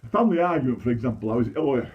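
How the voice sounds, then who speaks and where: A man's voice: mid-range voice, expressive, rapid-fire, muffled recording. A man in his sixties with a Yorkshire accent, doing a chatty, self-deprecating stand-up comedy monologue full of restarts. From Leeds, England. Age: 60s. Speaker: amateur comedian.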